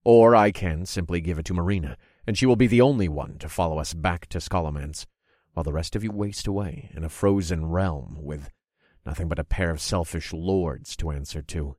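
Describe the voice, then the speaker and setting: A man narrating a story in the first person with a measured, dramatic delivery. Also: sits low, a little mellow, dry recording, clean studio sound.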